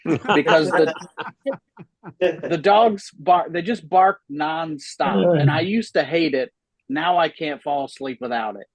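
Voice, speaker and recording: A man's voice: a little high, a little slow, no room sound, poor audio. Chatty man doing stand-up on a video call. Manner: chatty, self-deprecating, laughs at his own jokes. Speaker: stand-up comedian. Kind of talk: stand-up comedy set. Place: home room, a former salon.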